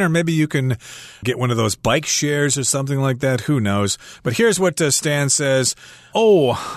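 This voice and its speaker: A man co-hosting a radio English lesson, explaining a dialogue in a steady, friendly way. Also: medium pitch, dry recording, clean studio sound. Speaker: English teacher co-host.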